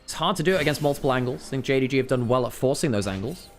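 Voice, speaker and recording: A man doing live play-by-play commentary on an esports match. He shifts from calm analysis to exasperated outbursts, and he is worn out after a long week. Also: mid-range voice, rapid-fire, faint music behind. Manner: self-correcting, apologetic asides to viewers. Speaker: esports caster.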